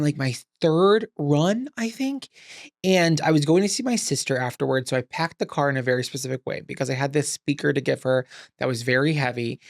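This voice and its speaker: A young man co-hosting a podcast, telling stories with animated, self-mocking drama. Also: mid-range voice, gravelly, dry recording, clean studio sound. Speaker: podcast co-host. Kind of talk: casual storytelling chat.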